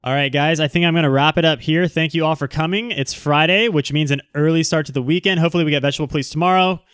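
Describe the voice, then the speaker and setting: A man hosting a casual livestream, talking loosely and jumping between asides to the people watching. His voice comes across smooth and resonant. The sound is close and dry, with no room around it. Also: a little high, fairly even intonation, a bit bright, dry recording. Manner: rambling, quick asides to viewers. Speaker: livestream host.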